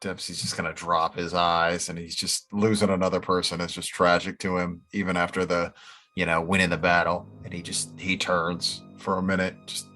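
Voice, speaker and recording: A man's voice: sits low, little pitch movement, normal speed, sharp tone, faint music behind. A man describing his character during a tabletop game in a casual, reflective way. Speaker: player.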